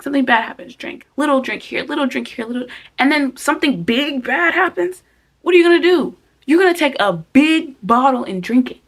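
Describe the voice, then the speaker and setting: A woman in her twenties speaks casually and directly to her viewers. She leans hard on repetition, saying key lines again and again, and acts out her own inner thoughts. Her voice sits at an ordinary pitch and carries a gravelly fry. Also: a bit bright. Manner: emphatic, repeats phrases for stress, acts out her own thoughts. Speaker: vlogger giving life advice. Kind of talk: casual direct-to-camera advice talk.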